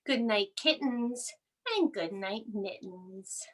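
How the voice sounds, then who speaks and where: A woman leading a children's bedtime yoga class, speaking in a gentle, soothing, sing-song way as she reads a storybook aloud. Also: medium pitch, takes it slowly. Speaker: yoga instructor.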